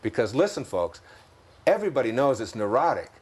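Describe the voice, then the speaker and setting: This man, an interview guest with a Detroit accent, reflects on spiritual ideas through stories, chuckling often and slowing down for key points. His medium-pitched voice is very animated and slightly rough.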